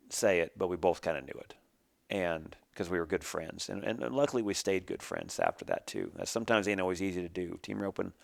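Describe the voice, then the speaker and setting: Low gravelly man, rambling storyteller. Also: no room sound. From Oregon. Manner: rambling, restarts, plain country talk. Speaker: team roper telling his story. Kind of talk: casual storytelling.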